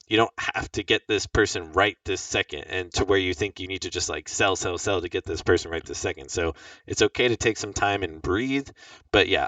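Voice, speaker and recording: A man's voice: low-pitched, fairly bright tone, no room sound, distant mic, low-quality recording. A young man hosting a podcast, chatting in a loose, rambling way with lots of fillers. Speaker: podcast host. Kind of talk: casual chat about fantasy football.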